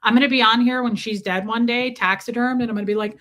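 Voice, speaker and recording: A woman's voice: on the high side, fairly even intonation, quick pace, a bit bright. Chatty woman on a livestream. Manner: chatty, profane, reads viewer comments aloud; playful exaggerated teasing. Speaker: livestream host. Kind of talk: casual livestream chat.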